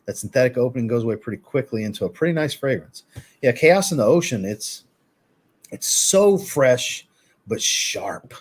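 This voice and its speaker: A man hosting a fragrance live stream, reviewing scents in relaxed, chatty talk and answering viewers' chat. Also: medium pitch, fairly quick, breathy edge.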